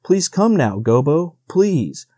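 Man doing a timid young doe, pleading, trembling, storybook deer, higher voice, dark tone. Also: big pitch swings, slow, slightly rough, no room sound, exaggerated voice.

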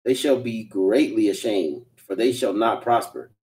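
Guy reading bible verses, brisk and steady, kinda far off the mic, dark tone. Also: fairly low pitch. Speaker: scripture reader. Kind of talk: reading scripture aloud. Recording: distant from the mic.

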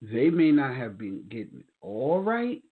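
Husky-voiced New man over a phone line. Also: medium pitch, measured pace. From New York. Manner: animated, profane, acts out quoted voices. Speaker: podcast co-host. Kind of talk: casual storytelling chat.

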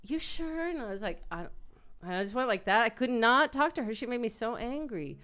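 A woman's voice: on the high side, animated, brisk, a bit bright, clean tone. A woman co-hosting a podcast, telling a story in casual chat with many restarts and frequent laughter. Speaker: podcast co-host.

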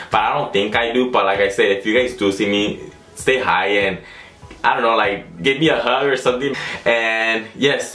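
A man's voice: lowish voice, a bit bright. A young man vlogging casually, telling a rambling story full of fillers and restarts. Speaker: YouTube vlogger. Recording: echoey room.

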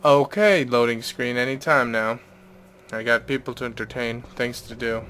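A man gives excitable, joking let's play commentary and keeps talking to himself while he plays. His pitch is middling for a man. Clear game noise sits under his voice. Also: normal speed. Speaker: gamer.

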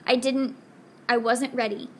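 A soft-spoken, kindly young man as a woman reads him in an audiobook, keeping his voice low and hushed. The tone sits a little high, with a faint hiss in the background. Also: little pitch movement, measured pace. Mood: confiding. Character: young man, pale, gentle and reassuring.

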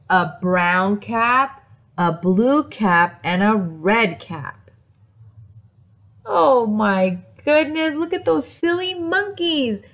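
A woman teacher reading a picture book aloud to young children, expressive, gasping and asking them questions. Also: mid-range voice. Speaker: preschool teacher.

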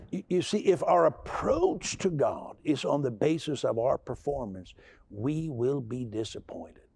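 Gravelly-voiced man preaching emphatically. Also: medium pitch, darkish tone, dry recording. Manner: repetitive stammering restarts, rising to emphatic outbursts. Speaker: pastor. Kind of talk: sermon.

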